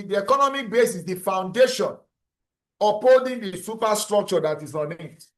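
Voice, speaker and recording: A man lecturing a class, his voice sitting high for a man. He works through ideas step by step, repeating terms and asking if the students are following. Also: fairly bright tone. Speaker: university lecturer.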